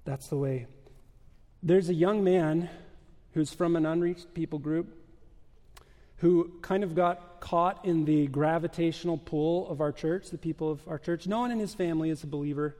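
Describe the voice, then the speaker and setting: High-voiced pastor preaching in a reverberant hall. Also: male voice, dark tone. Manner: emphatic preaching with dramatic pauses and rhetorical questions. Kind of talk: sermon.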